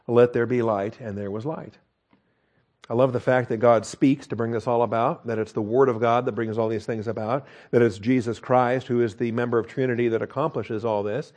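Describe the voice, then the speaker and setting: A male pastor preaching a sermon from the pulpit, his pitch neither high nor low. He talks in a wry, animated way and drops self-mocking asides. He speaks from a church pulpit.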